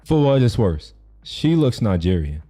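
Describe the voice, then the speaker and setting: Streaming while reacting to a video, a man rambles casually, with many fillers and restarts, and laughs often. His voice is fairly low, mellow and a little slow, with big pitch swings. Soft music plays in the background.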